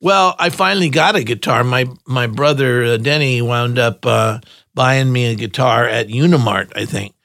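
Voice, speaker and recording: A man's voice: mid-range voice, normal speed, vocal fry, a bit bright, no room sound, clean studio sound. An older man, a guest on a podcast, chatting casually and telling rambling stories with frequent laughs and acted-out quotes. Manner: rambling storyteller, laughs often, acts out quotes. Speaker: guest musician. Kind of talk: casual interview chat.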